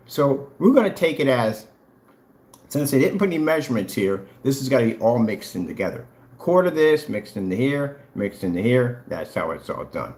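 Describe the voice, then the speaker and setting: A boastful, taunting man trash-talks his rivals in a vlog. His pitch swings up and down a lot. The sound echoes around the room. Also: very animated, brisk. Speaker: vlogger selling paint products. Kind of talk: trash-talking challenge vlog.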